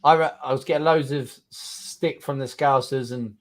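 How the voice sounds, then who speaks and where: A man's voice: mid-range voice, steady tone, normal speed. A man in his thirties with a London accent, telling his story in a casual interview, blunt and swearing freely as he acts out what people said. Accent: London English. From England. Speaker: guest fighter.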